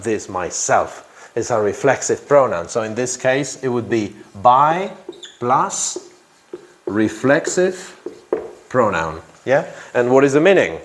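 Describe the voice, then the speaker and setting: A male teacher in a classroom talks slowly, spacing out his words. His pitch rises and falls a lot as he repeats example sentences and quizzes his students. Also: big pitch swings. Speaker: English teacher. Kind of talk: classroom grammar explanation.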